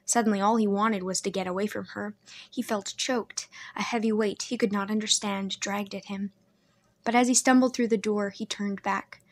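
A woman with a medium-pitched voice narrates an audiobook, reading a script in a steady, measured way.

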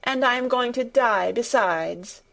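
A woman's voice: unhurried, gravelly, fairly bright tone. A woman voicing a spoiled, sulky sickly boy. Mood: self-pitying. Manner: sulky, sneering, shrill when angry. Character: spoiled sickly petulant boy, whiny and imperious.

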